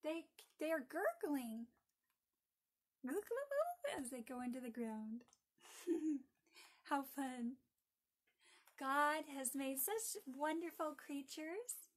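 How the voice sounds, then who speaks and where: A woman teaching Sabbath School, reading a bedtime story aloud to children in an expressive, storytelling way. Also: high-pitched, takes it slowly.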